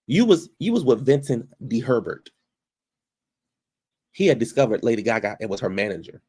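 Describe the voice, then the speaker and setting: A man's voice: medium pitch, expressive, normal speed, long pauses, darkish tone, husky. A man giving casual commentary, repeating phrases for emphasis and calling out people directly. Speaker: commentary vlogger.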